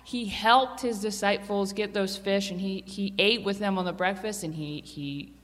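A woman giving a children's sermon, chatty and animated, asking the kids questions as she tells a story. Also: medium pitch, moderate pace. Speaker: children's church teacher. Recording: long reverb of a hall.

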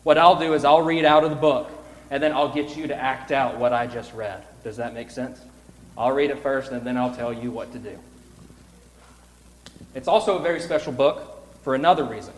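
A man directing a children's pageant in a church sanctuary, reading a storybook aloud with playful swings between loud cries and hushed whispers. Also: mid-range voice, normal speed, slight background noise. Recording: echoey hall reverb, faint room ambience.

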